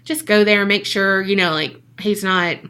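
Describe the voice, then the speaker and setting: A woman's voice: mid-range voice, steady tone, moderate pace, sharp tone, clear, resonant tone. A woman, co-hosting a podcast and telling a story in a casual, jokey way that is full of swearing. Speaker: podcast co-host.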